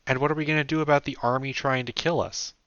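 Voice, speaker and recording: A man voicing a teasing, deadpan young woman interviewer in an audiobook, asking dry pointed questions. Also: mid-range voice, fast talker, dry recording, pitched above the performer's own voice, natural voice. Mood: probing. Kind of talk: audiobook character voice. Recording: dull dry lo-fi recording.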